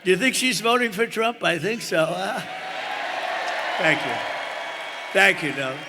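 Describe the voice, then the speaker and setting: A man's voice: sits high, expressive, measured pace. A man giving a rambling, boastful rally speech in a large indoor arena, with off-the-cuff asides to the crowd. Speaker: political candidate at a rally. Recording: arena with long reverb and crowd noise. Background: cheering crowd.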